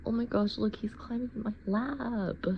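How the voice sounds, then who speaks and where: A woman's voice: a little high, steady tone, normal speed, a little hiss or hum. A woman acting out a solo scenario, cooing at a pet and stammering flustered denials, in a slightly dull lo-fi recording. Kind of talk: acted solo sneeze scenario.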